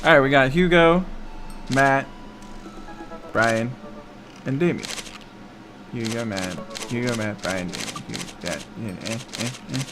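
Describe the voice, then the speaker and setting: Young male gamer, mid-pitch, casual and profane, narrating a visual novel over music. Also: lively intonation, unhurried, pauses often. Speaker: gaming YouTuber. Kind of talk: reading a visual novel aloud with commentary.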